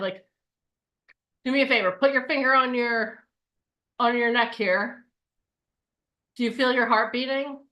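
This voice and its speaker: A woman in her forties, a coach giving a lively live online workshop and acting out voices. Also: on the high side. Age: 40s.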